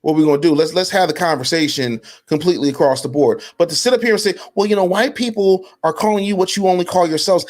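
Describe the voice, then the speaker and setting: High-voiced man ranting with mocking taunts. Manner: mocking, profane, swings between low mutters and high shouted taunts. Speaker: commentary host. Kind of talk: heated social media commentary.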